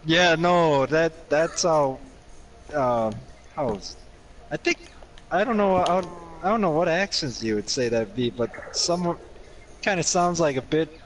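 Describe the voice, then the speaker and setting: A man from Minnesota with a Minnesotan accent, chatting casually on a voice call and telling stories in a halting, rambling way. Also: on the high side, animated. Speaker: guest on a voice call. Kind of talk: casual chat. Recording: noisy voice-chat line.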